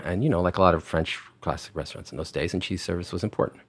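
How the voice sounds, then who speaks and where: A man's voice: low voice, very fast, husky, dry recording, studio quality. A middle-aged man, a former wine director, telling rambling restaurant anecdotes in casual conversation, full of fillers and restarts. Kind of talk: casual podcast storytelling.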